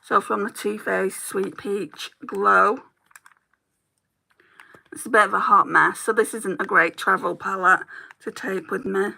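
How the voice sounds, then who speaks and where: A woman's voice: medium pitch, fairly even intonation, measured pace, creaky, long pauses, sharp tone, a little hiss or hum, low-quality recording. A woman beauty YouTuber chatting casually while doing her makeup, rambling and laughing easily as she talks.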